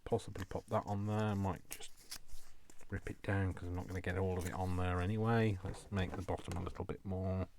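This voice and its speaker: A man's voice: low voice, flat delivery, a little fast, noisy background. A middle-aged man from Coventry, chatting playfully to himself while crafting. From England (Coventry). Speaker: craft vlogger. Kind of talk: casual chat while crafting.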